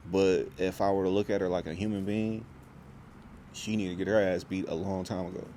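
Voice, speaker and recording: Man, very low voice, rambling intense vlog monologue, slangy, faint background hum. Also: flat delivery, fairly quick, warm tone. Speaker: vlogger.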